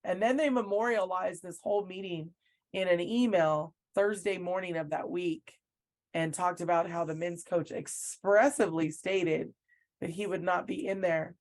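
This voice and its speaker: A woman's voice: fairly low pitch, steady tone, normal speed, a little mellow. A woman, a coach, recounting events as an interview guest, telling them earnestly and acting out what others said.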